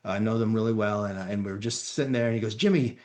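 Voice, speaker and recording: A man giving an energetic training presentation as a company founder, talking directly to his audience. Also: on the low side, very fast. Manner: energetic, addresses audience as folks.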